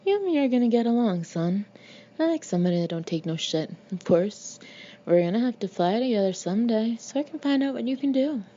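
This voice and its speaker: Woman voicing a gruff Marine colonel, harsh, blunt, mellow tone, dull lo-fi audio. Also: fairly high pitch, animated, a little fast, a little hiss or hum, voice pushed up, natural voice. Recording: dull lo-fi recording.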